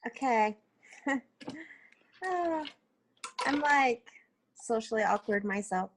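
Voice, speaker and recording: A woman's voice: a little high, expressive, slow, a little hiss or hum. A woman sharing takeaways in a casual group chat, self-conscious but chatty.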